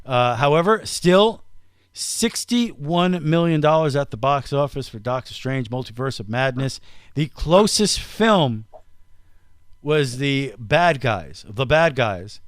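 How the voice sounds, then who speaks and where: Smooth-voiced man hosting a comedy podcast. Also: medium pitch, animated, no room sound, studio quality. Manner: teasing, laughs often, quick bursts. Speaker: podcast host. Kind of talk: casual comedic podcast chat.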